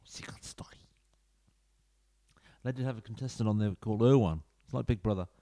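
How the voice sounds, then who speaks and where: A man talking through a football management game in a loose, rambling way, full of asides and quick self-corrections. His voice sits a little low. He speaks into a desk mic at home. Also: dark tone. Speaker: gaming YouTuber. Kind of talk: casual let's-play commentary. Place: home room. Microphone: desk mic into computer.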